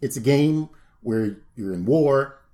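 A man co-hosting a podcast in casual chat, animated, profane and joking. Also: medium pitch, slow. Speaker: podcast co-host.

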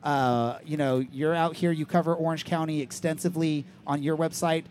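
A man hosting a live pregame soccer talk show from a stadium. He asks questions in an energetic, hurried way. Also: a little high, slight background noise. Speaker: podcast host. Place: outdoors at a stadium.

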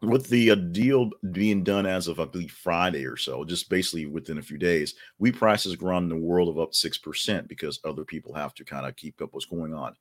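A man hosting a daily news podcast, giving casual commentary with many fillers and joking asides. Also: low-pitched.

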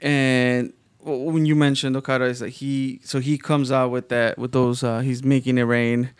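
A man chatting on a podcast, halting now and then to find his words. His voice comes across smooth and resonant. The recording is dry and close. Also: medium pitch, flat delivery, no echo. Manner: hesitant, halting with fillers. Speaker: podcast co-host. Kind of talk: casual chat.

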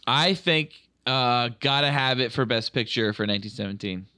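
Podcast co-host, male, bright crisp voice, dry close mic, jokey and loose. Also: medium pitch, moderate pace, no room sound. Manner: jokey, hesitant restarts, leads the segment. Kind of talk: casual chat.

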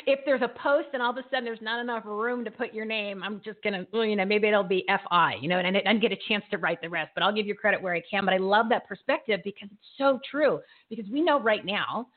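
A woman's voice: mid-range voice, fast, few pauses. A woman hosting a casual live interview, bubbly and laughing often, sometimes losing her train of thought. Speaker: host. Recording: tinny phone-like line.

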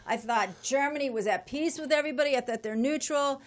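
A woman guest telling a long travel story in a casual, profane, animated way. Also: high-pitched, fast, a little hiss or hum.

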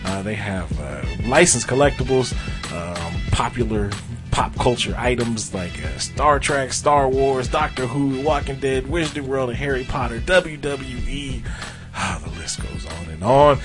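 A man's voice: medium pitch, a little slow, over music. A man hosting a casual podcast, laid back and laughing often, his ad reads full of fillers. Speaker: podcast host.

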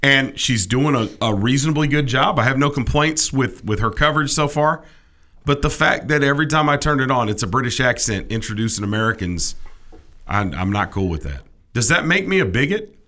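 A man's voice: medium pitch, lively intonation, fairly quick, sharp tone. A middle-aged man co-hosting a casual comedic chat, ranting with opinionated, mock-indignant energy. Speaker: podcast co-host.

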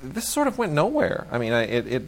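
A man's voice: medium pitch, wildly swooping pitch, a little fast. A man co-hosting a film podcast, chatting enthusiastically and rambling with many fillers about new releases.

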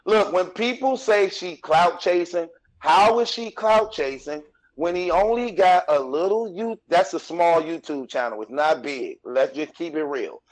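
A man's voice: fairly high pitch, measured pace, poor audio. A man arguing insistently in a heated debate, repeating his points. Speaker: blogger caller.

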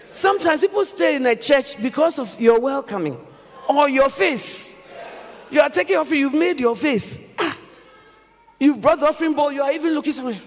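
A woman pastor preaching a sermon at a church service, animated and humorous, often exclaiming to the congregation. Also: high voice, slight background noise. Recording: long church hall reverb.

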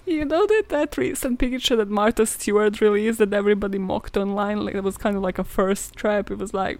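A woman's voice: medium pitch, fairly quick, few pauses, darkish tone, no room sound. A young woman hosting a casual storytelling podcast, joking and swearing a lot as she talks. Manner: swears a lot, jokey and chatty. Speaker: podcast host.

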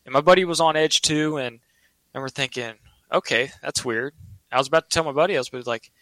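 A man's voice: medium pitch, fairly quick, bright, forceful tone, no room sound, poor audio. A man telling a personal story in a casual, earnest, rambling way, often restarting his sentences.

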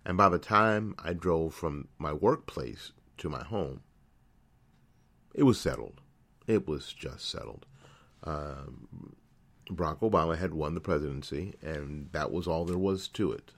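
Deep-voiced middle-aged man telling a story. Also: measured pace, vocal fry, fairly bright tone. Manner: storytelling, repeats phrases, self-corrects. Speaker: internet radio show host. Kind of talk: casual monologue. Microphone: studio microphone.

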